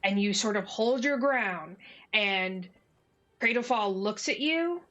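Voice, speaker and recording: A woman narrating as dungeon master in a casual, halting way with many fillers. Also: medium pitch, animated, sharp tone, dull audio. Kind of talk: narrating a tabletop game.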